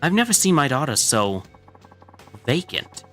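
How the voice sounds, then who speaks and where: A man voicing a distraught middle-aged mother in a game dub, with a high, wavering, pleading voice. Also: sing-song, measured pace, fairly bright tone, faint music behind. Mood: worried.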